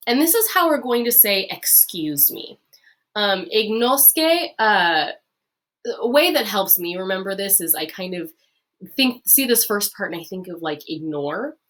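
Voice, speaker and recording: A lively woman teacher gives a recorded lesson, and her pitch rises and falls a lot. She is friendly and upbeat, fills pauses with "um" and "uh", and slows down to repeat key phrases.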